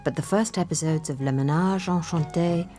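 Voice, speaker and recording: Woman narrator, low voice, measured and a bit wry, music under her. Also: mellow. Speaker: documentary narrator. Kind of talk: scripted narration.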